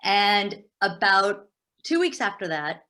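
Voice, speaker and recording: A middle-aged woman, an entrepreneur, telling a lively story in an interview and acting out the dialogue. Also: medium pitch, takes it slowly. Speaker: entrepreneur guest.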